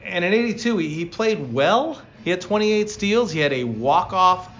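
A man co-hosting a casual baseball talk show, telling player stories with lively excitement. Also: moderate pace, lo-fi sound. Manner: storytelling, animated, rising pitch when excited. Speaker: baseball podcast co-host, former player. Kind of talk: casual sports chat.

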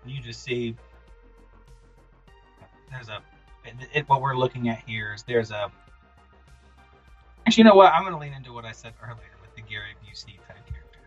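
A man narrating a tabletop game as game master, animated and quick to laugh. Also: mid-range voice. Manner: animated, laughing, hesitant fillers. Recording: dull, dry, with background music.

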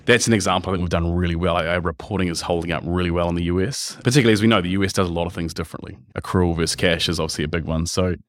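A middle-aged man with a New Zealand accent, a podcast guest talking quickly and energetically, restarting his sentences often. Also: deep voice, no echo, clean studio sound. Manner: rapid, energetic, lots of restarts. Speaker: podcast guest, software executive. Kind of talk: conversational interview.

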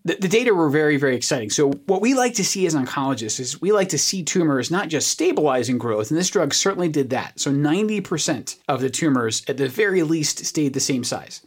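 A podcast oncologist talks through a treatment study with lots of melodic rise and fall. The voice has a husky edge, and the tone stays energetic and explanatory, full of homely comparisons. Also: medium pitch, fairly quick, few pauses. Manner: animated, explains with everyday analogies.

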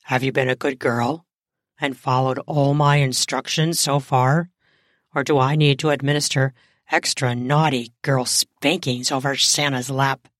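A woman voicing a confident, seductive man playing Santa, speaking in a firm, smooth, commanding way. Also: extremely low pitch, steady tone, measured pace, dry recording, studio quality, voice pushed down.

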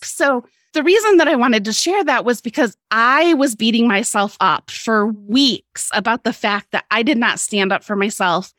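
A woman's voice: on the high side, moderate pace, hardly any pauses, a bit bright, no room sound, clean studio sound. A woman guest on a podcast telling a personal story in a candid, casual way, swearing freely and laughing often.

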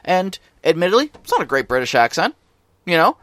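Casting note: man, podcast co-host, rambling casual chat, slightly high voice, dry close sound. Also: sing-song, fairly quick, a bit bright, no echo. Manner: rambling, many restarts and fillers.

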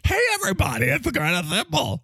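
Gushing falsetto hostess, very high and soft, wildly swooping, husky. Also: male voice, wildly swooping pitch, fast, no room sound, clean studio sound, exaggerated voice. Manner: breathy sing-song gushing.

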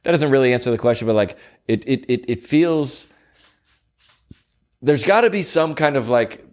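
A man's voice: mid-range voice, normal speed, darkish tone. A young man hosting a podcast, telling rambling stories in casual chat with lots of fillers and mock voices. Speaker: podcast host.

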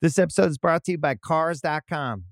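A man reading an advertisement in a smooth, steady announcer delivery. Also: fairly high pitch, fairly quick, no room sound, studio quality, faint music behind. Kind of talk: read advertisement.

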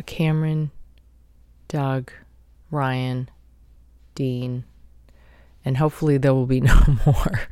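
Woman host, mellow voice, dry close sound, reflective motivational talker. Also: extremely low pitch, dry recording. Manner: reflective, earnest, self-help tone. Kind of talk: motivational monologue.

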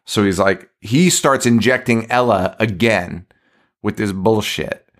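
A podcast co-host with a low-leaning voice recaps a horror movie at an unhurried pace in casual chat. He swears, laughs and acts out lines from the film.

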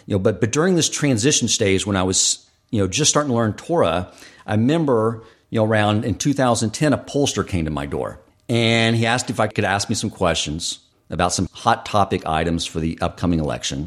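A man's voice: lowish voice, animated, a little fast. Earnest man hosting a reflective podcast. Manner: earnest, thoughtful, storytelling. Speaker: podcast host.

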